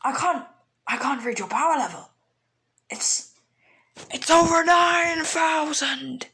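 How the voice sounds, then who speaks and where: A woman's voice: medium pitch, animated, a little slow, pitched above the performer's own voice, natural voice. An arrogant male alien warrior, blustering and easily flustered, as a woman acts him out. He stammers when things go against him. It comes from a casual fan retelling.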